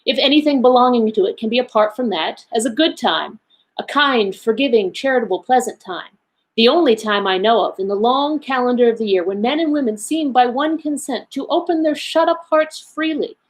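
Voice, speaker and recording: A woman voicing a cheerful young man who speaks warmly and earnestly to his uncle in a storybook reading. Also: on the high side, fairly quick, close to an everyday voice. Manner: cheerful, pleading.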